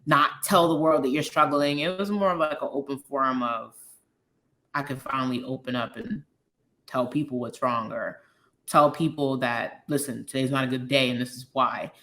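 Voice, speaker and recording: A woman in her thirties of Liberian American background speaks as a guest in a rumbling low voice at normal speed. She's open and frank about her personal story, retelling it animatedly with quoted dialogue.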